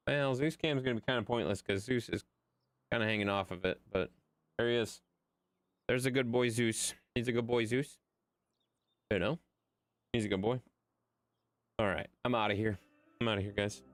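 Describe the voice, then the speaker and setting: A man's voice: fairly low pitch, normal speed, pauses often, dry recording, faint music behind. A man chatting casually to his viewers during a livestream, rambling and swearing freely. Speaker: game streamer.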